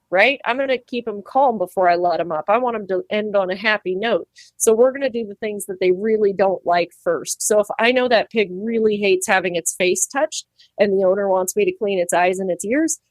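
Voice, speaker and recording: Brief: animated woman expert guest, mid pitch, dry close recording, lively asides. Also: fairly quick, dry recording. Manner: animated, acts out quoted voices, laughs easily. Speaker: farrier and pig trimmer. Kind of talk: casual interview talk.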